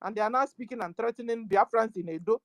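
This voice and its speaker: Nigerian-accented woman, high voice, scolding, impassioned address, dry close sound. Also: fast talker, dry recording, low-quality recording. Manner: scolding, repetitive, rising to shouts. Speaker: activist speaker.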